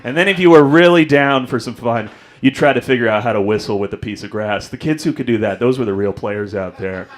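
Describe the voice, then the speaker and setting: A man's voice: medium pitch, a little fast. Young man, stand-up comedian, self-deprecating stories, comedy club, stage mic. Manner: self-deprecating storytelling, acts out voices.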